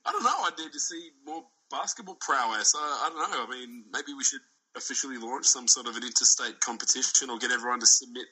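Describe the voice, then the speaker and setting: Man, sports podcast co-host, rambling, wry, bright tone, slightly raspy. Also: medium pitch, fast, low-quality recording. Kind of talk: casual chat.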